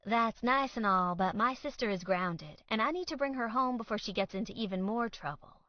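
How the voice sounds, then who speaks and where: A woman's voice: fairly high pitch, moderate pace, no echo, muffled recording, natural voice. Exasperated young woman, polite but fed up, voiced by a female narrator. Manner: polite but irritated, sarcastic.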